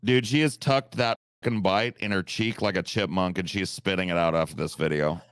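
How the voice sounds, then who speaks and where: A man with a fairly low voice co-hosts a livestream and trades wry jokes while reacting to videos. The sound is dry and close. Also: steady tone, fairly quick, a bit bright, clean tone, no room sound. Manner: wry, joking commentary. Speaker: livestream co-host. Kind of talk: casual reaction chat.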